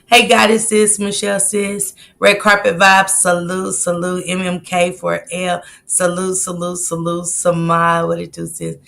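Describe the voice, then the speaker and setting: A woman's voice: fairly low pitch, little pitch movement, measured pace, creaky, few pauses, sharp tone. A woman in her late forties hosting a live stream, chatting casually and greeting viewers by name. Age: 40s. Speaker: livestream host.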